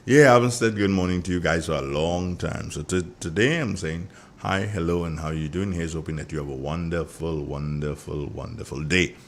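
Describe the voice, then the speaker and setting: A middle-aged man with a Grenadian accent hosting a morning radio show, chatty and joking as he sends shout-outs to listeners. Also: low-pitched, normal speed, few pauses, slight background noise. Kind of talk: casual morning radio chat.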